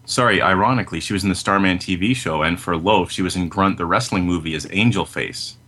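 A man's voice: low voice, fast, bright, forceful tone, breathy edge. A man co-hosting a casual film podcast, chiming in with short bursts of film trivia and laughter. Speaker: podcast co-host.

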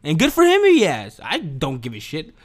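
A man's voice: a little high, huge pitch swings, a little fast. A young man ranting casually on camera, profane and slangy, often restarting and repeating his words. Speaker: commentator. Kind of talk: casual opinion rant.

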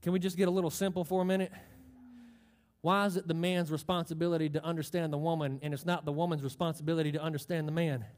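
A man's voice: a little high, level tone, fast talker, a little mellow. A man preaching a sermon, emphatic, drawing out key phrases and asking the congregation questions. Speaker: pastor.

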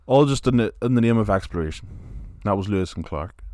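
A man's voice: on the low side, animated, fast talker, a little mellow, no echo, clean studio sound. A man co-hosting a podcast, telling rambling stories and laughing easily. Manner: rambling storyteller, laughs easily, repeats himself. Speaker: podcast co-host. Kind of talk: casual podcast banter.

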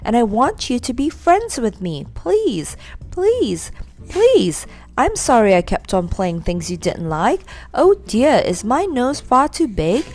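A woman's voice: on the high side, very animated, unhurried, few pauses, pitched above the performer's own voice. A woman voicing a spoiled, vain girl doll who sulks and pleads. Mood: pleading. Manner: sulky, pleading.

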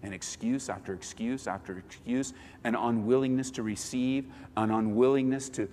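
A man preaching a sermon as pastor, animated and fond of acting out what people say. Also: medium pitch, moderate pace, in a large hall, a little hiss or hum. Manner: animated, acts out quoted voices. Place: church sanctuary.

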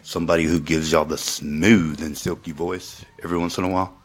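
A man's voice: rumbling low, little pitch movement, fairly quick, breathy edge, faint music behind. A man telling a rambling, profane story straight to his viewers, in a crude and emphatic way. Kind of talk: profane casual monologue to viewers.

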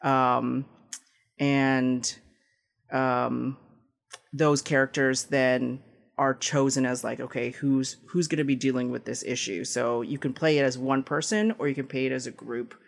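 A man with a gravelly, creaky edge to his voice, chatting loosely as a podcast guest. His talk is full of "like" and "um", and he breaks into easy laughter. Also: medium pitch, steady tone, measured pace. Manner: rambling, peppered with "like" and "um", laughs often. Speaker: guest, tabletop game designer. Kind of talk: casual podcast interview.

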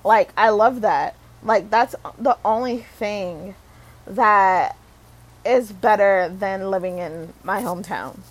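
Slow-talking young woman rambling casually. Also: medium pitch, rough recording. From Michigan, USA. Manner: rambling, lots of fillers and self-corrections, swears casually; laughs at herself often. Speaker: vlogger.

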